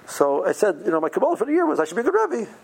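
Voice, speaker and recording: A husky-voiced man lectures yeshiva students as their rebbe. He talks in an informal, lively way, stammering and restarting as he presses his points. His speech is full of Hebrew and Yiddish study terms. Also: sits high, very fast, rough recording.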